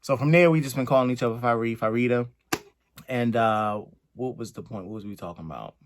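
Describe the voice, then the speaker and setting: A man's voice: mid-range voice, fairly quick, a little hiss or hum. A man co-hosting a storytime chat, playful and chatty, with teasing asides and laughter. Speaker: co-host.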